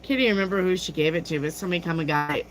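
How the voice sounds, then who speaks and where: A woman's voice: lowish voice, racing, poor audio. A woman hosting a tarot livestream, chatting casually, telling a personal story and answering viewer comments. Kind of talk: casual chat with live chat.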